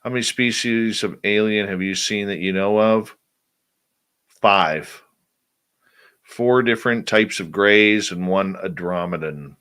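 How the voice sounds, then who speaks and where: A man's voice: lowish voice, slow, fairly bright tone, clean tone. A male radio show host in casual chat, drowsily reading out and answering listener questions.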